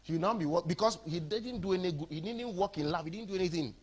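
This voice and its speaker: A man with a Ghanaian accent preaching an animated sermon in a church, switching between English and Twi. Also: high-pitched, fast talker, breathy edge.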